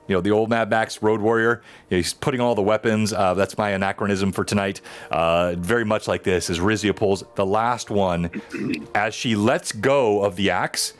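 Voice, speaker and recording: A man narrating as game master of a tabletop game, describing the scene in a lowish voice. He keeps using uh as he goes, and music plays faintly behind him. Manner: descriptive, with frequent uh fillers.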